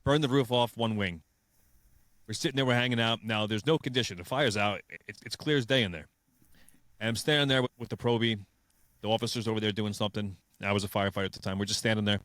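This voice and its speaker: A man speaks rapidly and earnestly about fireground lessons and swears when retelling tense moments. His voice is low and sounds dry and close. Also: fairly bright tone, dry recording. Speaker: firefighter, podcast host. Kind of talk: casual chat.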